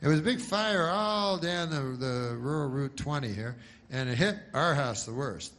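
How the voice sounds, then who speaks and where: A man's voice: fairly high pitch, lively intonation, normal speed, a bit bright. A man voicing a proud, folksy farmer earnestly bragging about his pig. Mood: boastful.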